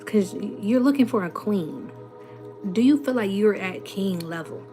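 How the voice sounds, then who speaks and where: Her mid-range voice is warm, with lively intonation and a measured pace, and faint music plays behind her. She's a Southern US woman in her twenties with a runny nose, casually chatting on a livestream, reading out comments and firing back blunt, sassy replies and rhetorical questions.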